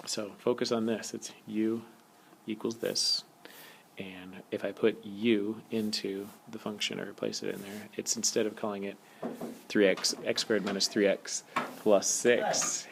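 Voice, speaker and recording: A man teaching a calculus lesson in a relaxed, joking way, talking as he writes. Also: on the low side, gravelly, a little hiss or hum. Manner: relaxed, jokey, talks while writing. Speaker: math teacher. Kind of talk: recorded calculus lecture. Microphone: tablet screencast mic.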